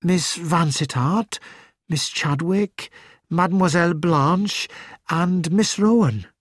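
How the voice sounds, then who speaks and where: A man's voice: slow, no echo, studio quality. A man reading aloud as a middle-aged female school matron, upset but keeping control, in a raised light voice. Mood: distressed. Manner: shaken but composed, high light voice.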